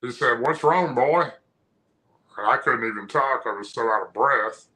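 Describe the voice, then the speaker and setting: A man's voice: mid-range voice, steady tone, fairly quick, sharp tone, rough recording. A man, a guest on an interview, telling a personal story in a rambling, folksy way with frequent restarts. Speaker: guest recounting an encounter. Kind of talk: casual storytelling.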